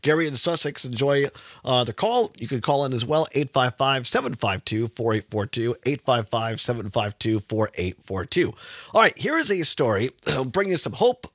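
A man's voice: mid-range voice, animated, moderate pace, fairly bright tone, no room sound. A man in his fifties hosting a call-in radio talk show, chatting with callers and reading local news aloud. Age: 50s. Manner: chatty, repeats phone number, reads news aloud.

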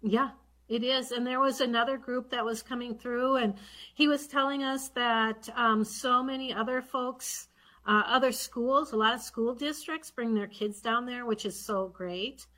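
A woman's voice: on the high side, steady tone, a little slow, sharp tone. A woman who serves as a state legislator, talking casually with lots of ums and restarts. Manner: rambling with many fillers and restarts. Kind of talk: casual conversation.

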